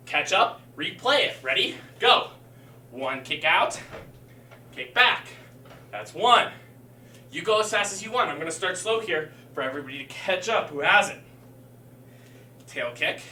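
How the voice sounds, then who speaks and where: A man's voice: high voice, bright, forceful tone. A male martial arts instructor leading a live-streamed workout, counting reps and calling cues while he exercises, slightly out of breath. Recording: echoey room, mic far off, faint hum.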